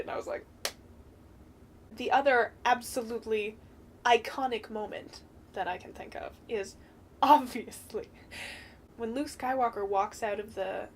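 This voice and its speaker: A young woman with a fairly high voice talks straight to camera in an excited vlog. She gushes about what she loved, swears casually, and jumps into squealing bursts when something thrills her. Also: a little hiss or hum. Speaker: vlogger. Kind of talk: excited film review vlog.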